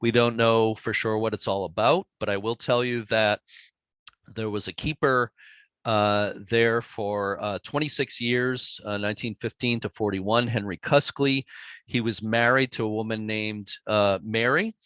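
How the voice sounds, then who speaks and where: Low-pitched male presenter, laid-back storyteller giving a talk to an audience, dry close mic. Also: unhurried, clean tone, no echo. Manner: relaxed, chatty storytelling with easy chuckles. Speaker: author giving a library presentation. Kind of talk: storytelling public talk with slides and audio clips.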